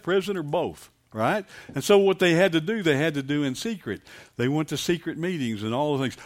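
A man preaching a sermon, calling on the congregation for amens and building to emphatic peaks. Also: fairly high pitch. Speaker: pastor.

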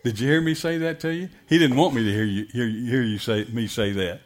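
A man's voice: mid-range voice, brisk. A middle-aged pastor preaching a sermon, emphatic and asking his congregation direct questions.

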